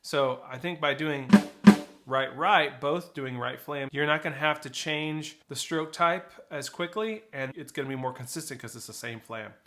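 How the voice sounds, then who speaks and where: A percussion teacher with a slightly high voice explains snare drum flams and rolls at a normal speed, counting rhythms aloud. Loud drumming and soft music play behind him.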